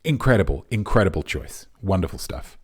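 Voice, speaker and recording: A man's voice: low-pitched, big pitch swings, a little fast, breathy edge. A man hosting a comic live quiz in a pompous, rambling, mock-serious manner. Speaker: quiz host.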